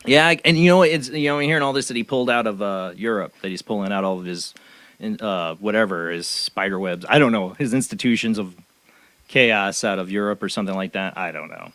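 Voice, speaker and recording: A man's voice: lowish voice, fairly quick, fairly bright tone, no room sound. A man hosting a casual call-in radio show, joking, laughing often and trailing off mid-sentence.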